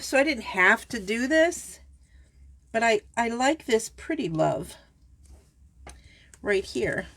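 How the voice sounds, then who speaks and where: A woman's voice: medium pitch, fairly bright tone. Chatty woman demonstrating card making. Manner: chatty, self-correcting, talks straight to viewers. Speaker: papercraft demonstrator. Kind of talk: casual craft tutorial.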